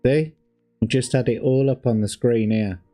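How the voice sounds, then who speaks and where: A man's voice: medium pitch, normal speed, warm tone, soft background music. A man from Birmingham with a light Birmingham accent, rambling, sweary, casual commentary with plenty of fillers as he reviews old adverts. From Birmingham, England.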